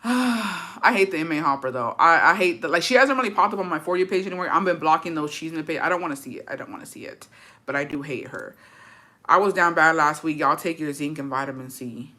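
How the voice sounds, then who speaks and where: Bright-voiced young woman, profane gossip. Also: sits low, fast. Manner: profane, gossipy, mixes in Spanish words. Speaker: livestream host. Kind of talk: casual livestream chat reading comments.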